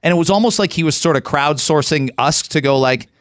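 A man co-hosting a talk radio show, telling stories in animated, casual banter and acting out the voices of people he quotes. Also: a little high, a little fast, no echo.

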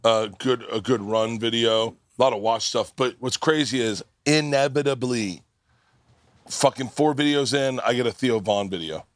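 Excitable swearing male comedy host. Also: medium pitch, normal speed, no echo. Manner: animated storyteller, swears freely. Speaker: podcast host. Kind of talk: casual comedy chat. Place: live festival stage.

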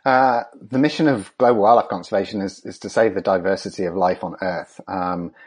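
A man's voice: sits low, fairly even intonation, a little fast, husky. A man answering interview questions as a conservation scientist, speaking with frequent ums and restarts. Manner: hesitant, many ums and restarts.

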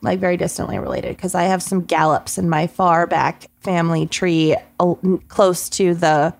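A woman's voice: on the low side, level tone, moderate pace, vocal fry. A woman co-hosting a podcast in casual chat, laughing often and swearing offhandedly. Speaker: podcast co-host.

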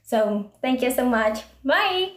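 A woman with a Spanish accent, a native Spanish speaker, eagerly records a fan question. Her voice sits a bit high. The recording sounds roomy, with noticeable echo from her surroundings. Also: animated, takes it slowly. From Spain. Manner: eager, earnest.

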